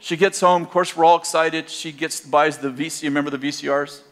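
Older man, preacher, storytelling sermon, casual and animated, laughs as he goes. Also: fairly high pitch, brisk. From Northern California, USA. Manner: conversational, animated, laughing at his own story.

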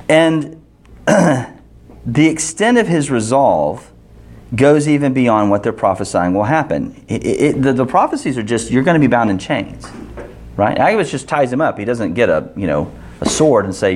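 A man leading an interactive Bible study, asking the group questions and restarting his sentences often. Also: medium pitch.

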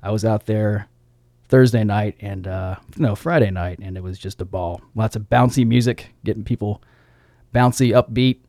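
A man's voice: lowish voice, moderate pace, mellow, no echo. A man hosting a casual radio show on a studio microphone, reading record sleeve notes aloud in a laid-back way and chuckling at his own slips. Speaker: radio DJ host.

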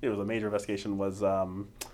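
A man in his forties, a guest in an interview, telling a story and acting out both sides of the dialogue in a lively way. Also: fairly low pitch, rapid-fire, slight background noise. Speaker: interview guest, former agent.

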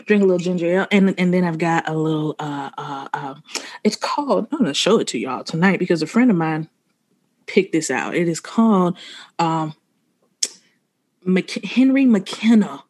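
Chatty woman co-host, lowish voice. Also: normal speed. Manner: chatty, animated, joking. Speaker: podcast co-host. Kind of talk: casual chat.

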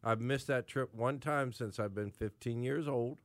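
A man's voice: mid-range voice, normal speed, no echo. A middle-aged man co-hosting a radio show in a studio, telling easygoing stories about hunting trips. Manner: easygoing storytelling with restarts. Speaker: radio co-host. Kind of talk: casual radio chat.

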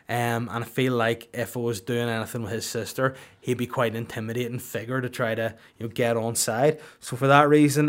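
Guy on a podcast, rambling and sweary, deadpan mock-serious, regular mid voice. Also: mid-range voice. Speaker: podcast host. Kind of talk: comedic storytelling.

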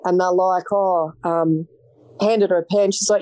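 An Australian woman recounts her story to an interviewer, bluntly and vividly, acting out each line of quoted dialogue. Her voice sits on the low side. The sound is dry and close, with no room echo. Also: steady tone, unhurried, dark tone. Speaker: podcast guest.

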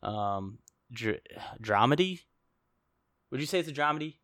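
A man's voice: medium pitch, expressive, measured pace, fairly bright tone, dry recording, studio quality. A young man co-hosting a podcast, chatting casually in a rambling, jokey way and laughing often. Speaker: podcast co-host. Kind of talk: casual chat.

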